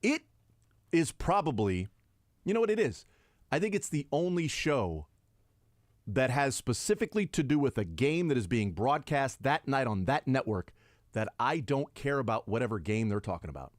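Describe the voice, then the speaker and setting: A man hosting a sports radio show, chatting casually and retelling stories with lively energy. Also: normal speed, no room sound, studio quality. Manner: animated storyteller, acts out quotes with big pitch jumps.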